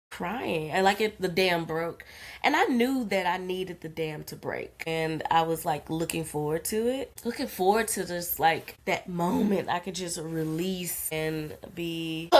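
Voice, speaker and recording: A woman in her forties, a content creator, telling a personal story in casual, candid talk, swearing freely and calling the listener honey, recorded on a phone in her car. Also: fairly low pitch. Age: 40s. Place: in her car in a parking lot.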